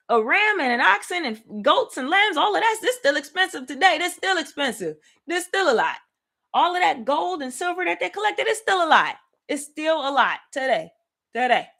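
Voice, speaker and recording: A woman hosting a livestream Bible study, teaching in an excited, casual way and talking straight to her viewers. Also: high voice. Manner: animated, laughing, talks to viewers as y'all.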